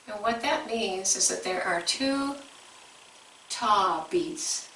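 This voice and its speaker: Bright-voiced woman teaching music. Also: medium pitch, animated, slow, echoey room, recorded from a distance, a little hiss or hum, rough recording. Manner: explains step by step, breaks into sung examples.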